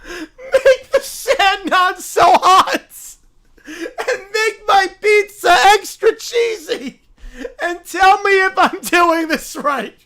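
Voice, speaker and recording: A woman voicing a stubborn, whiny four-year-old boy who shouts his complaints. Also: very high-pitched, animated, slow pace, heavily acted. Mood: pleading.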